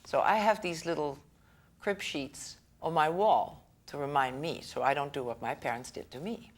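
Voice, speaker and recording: A woman with a somewhat low voice gives a relaxed talk on raising children, in the manner of a school director. She keeps it chatty, pausing to check in with her listeners, and slips into the voices of the people in her anecdotes. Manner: conversational, checks in with the audience and laughs often; acts out the people in her stories. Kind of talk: lecture to parents.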